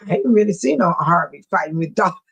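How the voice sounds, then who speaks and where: A woman's voice: lowish voice, expressive, quick pace, vocal fry, a bit bright, a little hiss or hum, low-quality recording. A middle-aged woman hosting a casual livestream, chatting and teasing her viewers by name. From Dolton, Illinois area. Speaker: livestream host. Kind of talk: casual livestream chat reading viewer comments.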